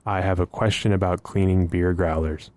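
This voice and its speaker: A man co-hosting a casual podcast, teasing his co-host in a deadpan way and reading out listener letters. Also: deep voice, normal speed, no room sound.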